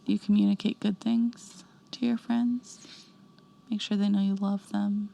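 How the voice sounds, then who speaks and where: Gravelly-voiced teasing woman co-host. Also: medium pitch, level tone, a little slow. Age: adult, married. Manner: warm teasing, asks questions, laughs. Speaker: podcast co-host. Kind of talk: casual chat among friends.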